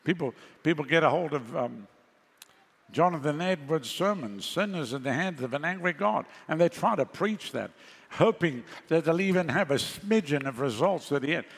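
A man's voice: a little high, lively intonation, moderate pace, gravelly, breathy edge, big-room sound. A male pastor preaching a sermon in a conversational way, with sarcastic asides.

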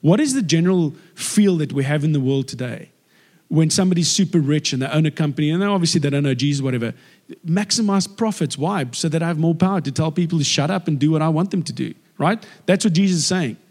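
A man's voice: fairly high pitch, fast talker. Man preaching in a reverberant hall. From South Africa. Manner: lively, acts out the people in the story. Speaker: guest preacher. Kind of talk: conversational sermon.

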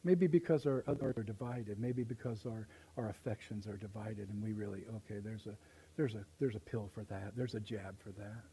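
A male pastor preaching live in church, folksy and impassioned, swinging from hushed asides to loud appeals. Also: lowish voice, moderate pace, husky, rough recording. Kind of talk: sermon.

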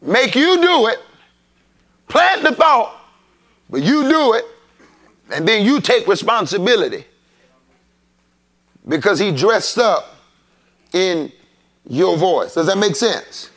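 A man preaching a sermon, calling out to the congregation and rising into shouts. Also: high voice, big pitch swings, takes it slowly, pauses often. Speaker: pastor. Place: church sanctuary.

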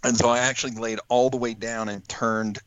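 Animated man telling a hunting story. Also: medium pitch, fairly quick, smooth, dry recording, lo-fi sound. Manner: animated, acts out quotes with laughs. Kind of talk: casual storytelling.

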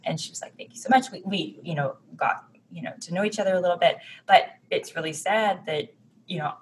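A woman in her thirties talks candidly and with feeling in a relaxed conversation, often restarting her sentences. Her voice sits a little low, and a faint hum of room ambience runs underneath. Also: a little fast, poor audio. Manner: candid, emotional, frequent restarts. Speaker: guest sharing fertility experience. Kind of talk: casual podcast conversation.

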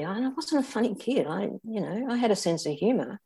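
An older Australian woman telling a personal story as an interview guest, candid and reflective, halting often and restarting. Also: medium pitch, big pitch swings, warm tone, husky.

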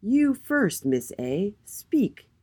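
A woman voicing a proud, kindly male king in a children's storybook, speaking loudly and grandly. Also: mid-range voice, very animated, very slow, voice pushed up, full character voice. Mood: regal, jolly. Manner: loud, proud and warm. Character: regal booming male king, kind and jolly.

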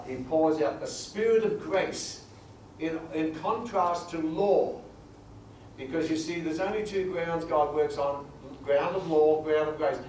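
A man's voice: a little high, slight background noise. Man preaching in an echoey hall. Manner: numbered points, reads verses slowly and emphatically; grows quiet and emotional at times. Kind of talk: sermon teaching from scripture. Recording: echoey hall recording from far off.

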